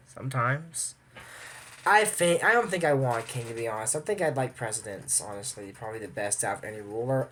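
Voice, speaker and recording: Reviewing a cartoon episode in a casual way, this young Amarillo, Texas man rambles and keeps adding apologetic asides. He speaks in a mid-range, slightly bright voice over a little hiss or hum.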